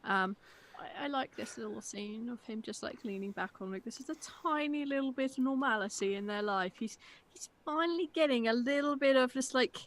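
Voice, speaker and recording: A woman's voice: fairly high pitch, normal speed, a bit bright, low-quality recording. A woman co-hosting a casual podcast, rambling through a critique of an episode and filling her talk with "like". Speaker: podcast co-host.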